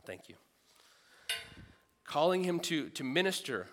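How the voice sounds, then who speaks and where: Male preacher, earnest sermon, bright forceful tone, long hall reverb. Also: a little high, expressive, normal speed. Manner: earnest, emphatic, repeats for stress. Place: large meeting room.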